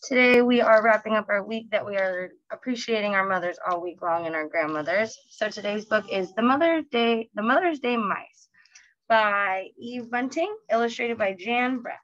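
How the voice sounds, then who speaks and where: A woman teacher reading a picture book aloud to children in a gentle, expressive storytelling way. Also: mid-range voice, normal speed, muffled recording.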